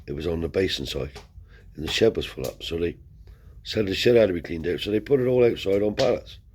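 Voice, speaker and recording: A man with a very low, slightly mellow voice tells a long, rambling anecdote in broad, everyday speech, brisk and expressive. He swears freely and takes on the voices of the people in his story, with faint hiss in the background.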